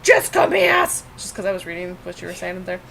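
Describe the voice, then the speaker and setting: A woman from the Pacific Northwest with a creaky voice, chatting casually and reading chat aloud while drawing on a stream. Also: on the low side, monotone, quick pace, slight background noise, rough recording. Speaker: art stream co-host.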